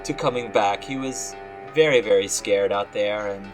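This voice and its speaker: A man doing a smooth, placating retainer. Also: lowish voice, normal speed, soft background music, lightly acted.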